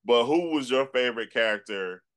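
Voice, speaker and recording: A man's voice: mid-range voice, clear, resonant tone. A man, an actor and producer, telling stories as a guest in a casual chat. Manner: relaxed, unhurried storyteller. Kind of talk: casual conversation.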